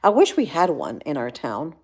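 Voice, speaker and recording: A woman's voice: deep voice, wildly swooping pitch, moderate pace, darkish tone, husky. A woman chatting casually on a livestream, reading viewers' comments aloud and answering them. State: chilled from the cold. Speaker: livestream vlogger.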